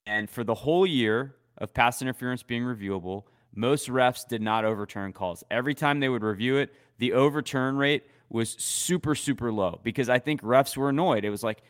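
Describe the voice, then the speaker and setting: A man's voice: medium pitch, clear, resonant tone. A man co-hosting a sports talk show, explaining his opinions at length. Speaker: podcast co-host. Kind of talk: casual sports chat.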